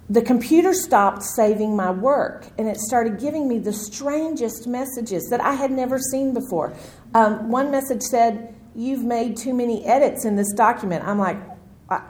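A middle-aged woman teaching a women's Bible study, telling stories with animated, expressive delivery. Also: medium pitch, poor audio. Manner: animated storytelling, acts out her own panic.

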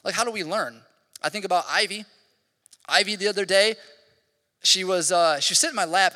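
Man, 30s, pastor, casual sermon, rambling, bright tense voice, long hall echo. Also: high voice. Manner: casual, rambling, heavy use of "like". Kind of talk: conversational sermon. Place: church hall.

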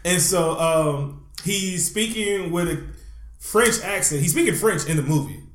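A man's voice: sits high, expressive, unhurried, a bit bright. A man co-hosting a casual chat podcast, telling stories animatedly and swearing freely. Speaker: podcast co-host. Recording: roomy echo.

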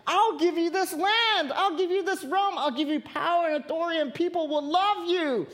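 A woman's voice: extremely high pitch, moderate pace, voice pushed up. A woman voicing a sly tempting devil. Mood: boastful. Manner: coaxing, bargaining. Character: tempting devil, a sly serpent making false offers.

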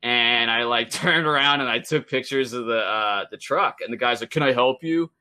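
A young man with a bright, forceful voice, co-hosting a casual podcast. He tells his story loosely and with animation, drops swear words, and acts out the lines of the people he met. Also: mid-range voice, fairly even intonation, moderate pace, clean tone. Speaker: podcast co-host.

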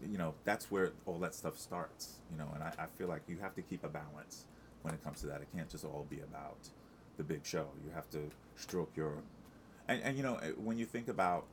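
Middle-aged man, very low voice, rambling chatty guest with faint hiss behind. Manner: chatty, rambling with many restarts and fillers. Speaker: Broadway actor, guest. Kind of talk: casual interview chat.

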